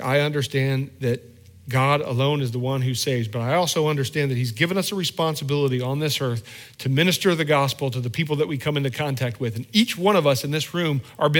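Male pastor, slightly high voice, relaxed sermon delivery, prone to stammered restarts. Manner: conversational preaching with frequent restarts and repeated words.

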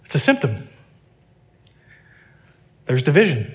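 A man's voice: mid-range voice, huge pitch swings, slow pace. A man preaching a sermon, emphatic and full of rhetorical questions.

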